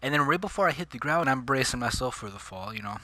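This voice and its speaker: A man's voice: medium pitch, animated, fast, pushed and bright, no room sound. A man telling a personal story in casual, slangy vlog chat, calling his listeners dude and bro. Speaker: vlogger.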